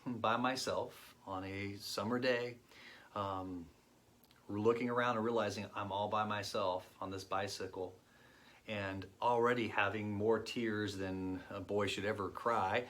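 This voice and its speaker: A man in his late forties telling his personal faith testimony in an earnest, reflective way, pausing often. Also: on the low side, fairly bright tone. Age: 40s. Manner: earnest and reflective, with pauses and fillers. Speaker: guest sharing his testimony.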